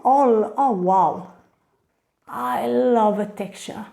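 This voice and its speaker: A woman's voice: a little high, slow, creaky, darkish tone. A woman, gushing and gasping with delight as she unboxes bags in a casual vlog. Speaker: vlogger.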